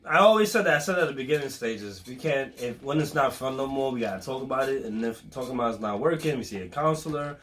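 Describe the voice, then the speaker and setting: A man's voice: mid-range voice, expressive, fast, hardly any pauses, fairly bright tone, a little hiss or hum. A man chatting loosely with his girlfriend in a couple vlog, slangy and full of swearing. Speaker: vlog co-host, boyfriend. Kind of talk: casual couple chat.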